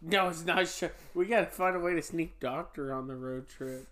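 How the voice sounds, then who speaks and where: A woman's voice: deep voice, fairly bright tone. A woman co-hosting a podcast, chatting crudely and giggling often. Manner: crude, giggly, slow drawl. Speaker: podcast co-host. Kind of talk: crude casual chat.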